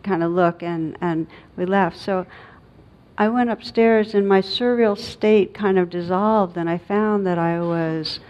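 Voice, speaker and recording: A middle-aged woman, a meditation teacher, giving a dharma talk in a reflective, halting way with many pauses and fillers. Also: on the low side, darkish tone. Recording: dull lo-fi recording.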